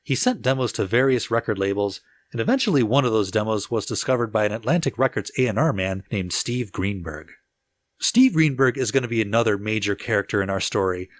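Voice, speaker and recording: A man's voice: lowish voice, brisk, no echo. Laid-back man telling a music story. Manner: relaxed storyteller, laughs easily, lots of filler "like". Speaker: podcast co-host. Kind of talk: casual music-history podcast narration.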